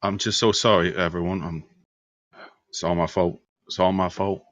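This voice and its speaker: A man's voice: deep voice, fairly even intonation, normal speed, a bit bright, dry recording. A man voicing Big Joe, a big remorseful man who keeps apologizing. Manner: mournful, apologetic repetition.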